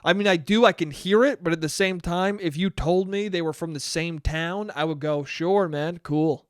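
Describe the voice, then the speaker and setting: A man's voice: high-pitched, normal speed, no echo, clean studio sound. Rambling, profane young-sounding man. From New York. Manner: rambling, profane, self-mocking. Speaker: podcast host. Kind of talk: solo podcast monologue. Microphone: podcast mic.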